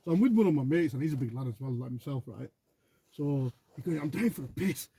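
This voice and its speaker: A man's voice: mid-range voice, animated, fast talker, vocal fry, mellow, slightly rough. A man in casual conversation who rambles and boasts, swears freely and keeps asking "you know what I mean?". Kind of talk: casual chat.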